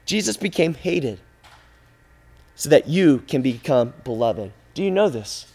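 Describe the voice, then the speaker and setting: A male preacher delivering an impassioned, repetitive sermon, swinging from hushed, intimate lines to loud, driving ones. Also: mid-range voice, big pitch swings, unhurried, breathy edge.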